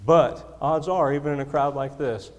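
Into a handheld or stand microphone in a church sanctuary, a man preaches to his congregation with emphasis, repeating key lines and poking fun at himself. His voice sits fairly high, with fairly even intonation and a moderate pace. The recording carries a long hall reverb.

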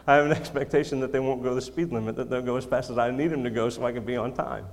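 A man's voice: mid-range voice, steady tone, quick pace, vocal fry, darkish tone. Preacher man in a reverberant church hall. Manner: emphatic, repeats key lines, self-deprecating humor. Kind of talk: sermon. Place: church sanctuary. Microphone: handheld or stand microphone.

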